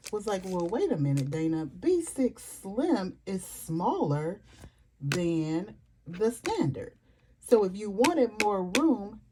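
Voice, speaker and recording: A middle-aged woman, chatting excitedly and fast to her viewers in a home vlog, calling them y'all. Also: on the low side, noisy background. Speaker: planner vlogger. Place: home desk.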